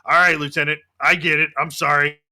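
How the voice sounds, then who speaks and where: A man's voice: fairly high pitch, level tone, fairly quick, bright, forceful tone. A man voicing a smug male crewman who openly delights in explosions. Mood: grudging.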